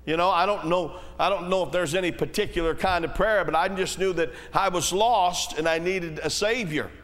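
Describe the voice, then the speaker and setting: Folksy preacher, high voice, churchy reverb. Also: male voice, a bit bright. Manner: folksy, rising to emphatic peaks then dropping low and slow. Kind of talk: sermon. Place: church hall. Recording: long reverb of a church hall.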